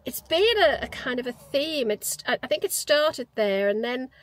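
A woman's voice: high voice, lively intonation, normal speed, fairly bright tone, low-quality recording. A woman, casually telling stories from her life in a reflective, chatty way with frequent restarts. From Newcastle, England. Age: 50s. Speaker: vlogger. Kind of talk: casual personal storytelling.

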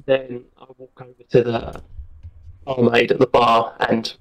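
A young man who plays a tabletop game with a mid-pitched, everyday voice. He keeps his lines short and blunt. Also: level tone, a little slow, poor audio. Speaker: player.

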